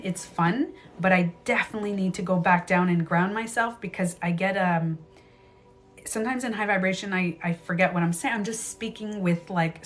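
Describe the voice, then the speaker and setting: A woman hosting a casual live stream as a spiritual coach, chatting animatedly, laughing often and greeting viewers by name. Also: mid-range voice.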